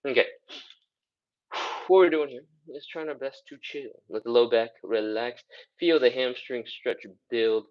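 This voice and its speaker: Male mobility coach, mid pitch, out of breath, casual rep-counting delivery, slightly dull lo-fi sound. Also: a little slow. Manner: counts reps aloud, casual and encouraging, sighing between moves. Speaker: fitness instructor. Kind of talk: live follow-along workout coaching.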